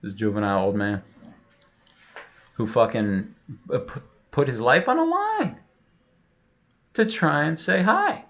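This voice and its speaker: A man's voice: medium pitch, sing-song, measured pace, long pauses, a bit bright, highs cut off. A man telling a rambling, profane comic story, full of fillers. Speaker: comedian.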